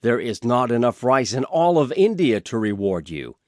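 A man's voice: medium pitch, very animated, moderate pace, a little mellow, no room sound, clean studio sound, voice pushed up, natural voice. A man voicing a proud, angry old king who commands and roars. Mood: stern. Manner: roaring, commanding.

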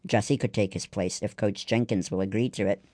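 A man's voice: fairly low pitch, fairly even intonation, a little fast, a little mellow, no echo, close to an everyday voice. A man reading the lines of a spirited, stubborn young girl ballplayer in a storybook. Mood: eager.

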